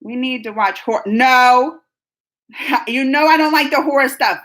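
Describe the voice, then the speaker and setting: A high-voiced woman hosting a relaxed live chat, reading out viewer comments. She talks in an animated, playful way and breaks into laughter often. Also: fairly quick. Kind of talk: casual live-chat vlog.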